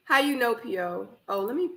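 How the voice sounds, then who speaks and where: A woman's voice: a little high, a little fast, gravelly, slight background noise, poor audio. Under-the-weather woman chatting back at the screen. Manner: animated, laughing, talking back to the screen. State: under the weather, slightly hoarse. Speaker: live reaction stream host. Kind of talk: casual live watch-party chat. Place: home office. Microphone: camera microphone.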